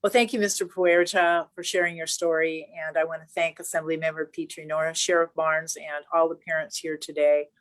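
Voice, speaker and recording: A woman's voice: deep voice, level tone. Earnest woman senator at a podium. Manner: earnest, measured, partly read remarks. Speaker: state senator. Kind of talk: press conference statement.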